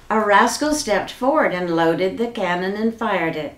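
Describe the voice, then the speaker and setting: A woman reads a children's storybook aloud with a lively, swooping voice. She takes her time, and her voice carries a light gravel. The room adds a noticeable echo. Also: mid-range voice. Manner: expressive and unhurried.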